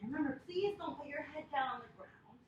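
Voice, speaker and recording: Talking fast in a high voice, a storyteller and yoga teacher reads a picture book to children, coaxing them warmly through yoga poses and sign language in a sing-song style. The room echoes, and there's slight background noise.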